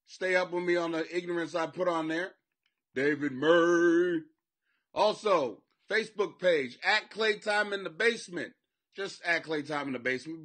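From his home basement, a man hosts a comedy podcast in a fairly high, bright, forceful voice. It's a loose, profane monologue where he rambles, swears, and laughs at his own jokes.

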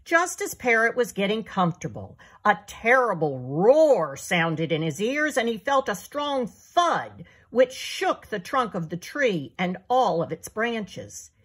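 Author reading her kids' book aloud: slow, animated, breathy woman. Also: mid-range voice. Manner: slow, expressive storytelling. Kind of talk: storybook read-aloud for young children.

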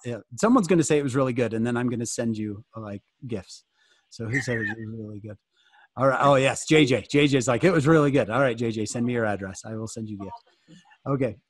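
A man's voice: mid-range voice, dry recording, clean studio sound. A man giving a casual, joking fireside talk to youth over a video call, often asking his listeners questions. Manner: joking, animated, asks the audience questions. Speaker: guest speaker answering youth questions.

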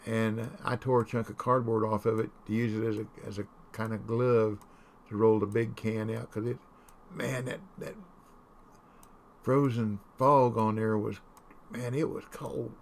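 A man's voice: fairly low pitch, little pitch movement, unhurried. A man chatting casually while streaming a game, telling folksy, rambling stories. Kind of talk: casual chat while gaming.

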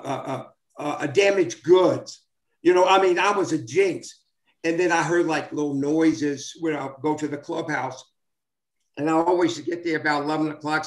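A man in his seventies telling old sports stories casually, rambling with many fillers and restarts. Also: fairly high pitch. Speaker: former baseball player, guest. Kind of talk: casual storytelling. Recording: roomy echo.

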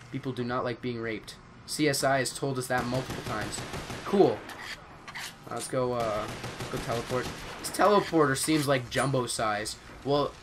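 A young male streamer talks through a zombie game in a bright, lively voice that jumps all over his range. He swears constantly and slides from slow, unhurried chatter into panicked yelling. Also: on the high side, a little hiss or hum. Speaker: gaming streamer. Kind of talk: live gameplay commentary.

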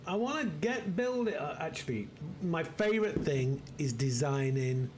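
A man's voice: on the high side, lively intonation, moderate pace, darkish tone, a little hiss or hum. A man hosting a let's play, muttering and thinking aloud as he plays, rambling with restarts. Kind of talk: casual gameplay commentary.

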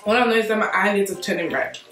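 A woman's voice: medium pitch, rapid-fire, pushed and bright. A young woman co-hosting a spicy food challenge in casual chat, complaining and laughing through the heat. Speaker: vlogger. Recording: echoey room, distant mic, faint music.

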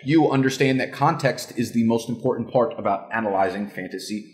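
A young man from New Jersey hosting a fantasy football show, talking loudly and emphatically with plenty of swearing. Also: mid-range voice, a little fast, faint music behind. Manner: loud, emphatic, profane, yelling. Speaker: fantasy football analyst host. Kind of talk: casual ranting analysis.

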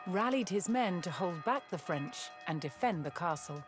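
A woman playing the narrator of a historical strategy game campaign, telling the story in a measured, solemn documentary voice over clear orchestral game music. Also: lowish voice, animated, close to an everyday voice. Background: clear game score music.

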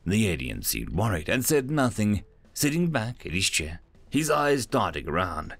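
A man narrating a story in an animated, scripted way. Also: on the low side, normal speed, dry recording, soft background music.

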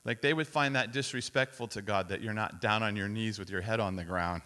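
A man preaching to a camp crowd, telling a story with lively acted-out quotes and sudden drops to a whisper. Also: lowish voice, fairly quick. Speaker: speaker at a youth camp. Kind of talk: storytelling sermon. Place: camp meeting hall.

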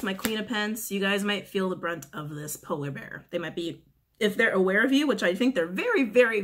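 A woman's voice: on the low side, fairly bright tone. Blunt, swearing woman reading tarot cards. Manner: blunt, profane, repeats phrases for emphasis. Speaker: tarot reader. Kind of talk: casual tarot reading monologue.

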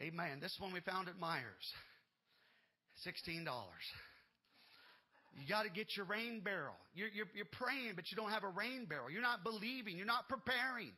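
A male pastor delivering a sermon in a high, piercing voice. He repeats his phrases and rises into shouts before dropping back to quieter talk. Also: husky, rough recording. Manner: shouting bursts and quieter stretches, repetitive.

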